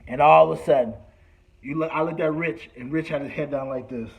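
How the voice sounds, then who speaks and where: High-voiced man telling a story. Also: a little fast, creaky, highs cut off. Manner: acts out quotes, shouting and whispering. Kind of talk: animated storytelling.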